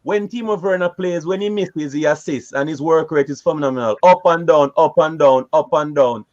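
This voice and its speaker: A man's voice: on the high side, normal speed, a little mellow, dry recording, dull audio. A man on a casual panel who argues his point insistently and keeps calling people bro. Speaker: podcast panelist. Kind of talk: heated casual debate.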